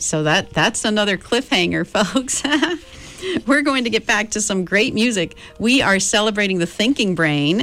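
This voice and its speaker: A woman hosting a children's show, reading a chapter book aloud with expressive narration. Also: on the low side. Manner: expressive, slow, animated narration.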